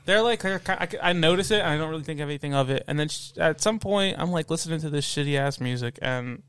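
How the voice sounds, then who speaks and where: A man's voice: fairly high pitch, fast talker, a bit bright, clean tone. A man on a casual podcast, telling a crude story in rambling bursts full of stammered restarts and laughter. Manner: profane, crude humor. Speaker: podcast co-host. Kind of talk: casual chat.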